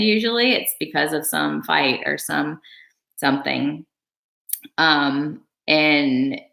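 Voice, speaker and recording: A woman's voice: sits low, vocal fry, a bit bright. A young woman vlogger talking earnestly on a livestream, rambling with many fillers and restarts. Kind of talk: casual livestream chat. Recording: roomy room echo.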